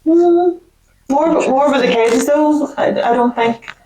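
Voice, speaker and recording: A woman's voice: high-pitched, takes it slowly, mellow, a little hiss or hum. A woman co-hosting a podcast, chatting casually and playfully with lots of giggles. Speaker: podcast co-host. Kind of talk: casual chat. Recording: echoey room.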